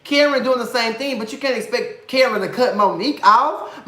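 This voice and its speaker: A man's voice: very high voice, moderate pace, sharp tone, roomy sound. A man hosting a live reality TV review stream, chatting casually with viewers in a sassy, campy way, with lots of swearing and affection.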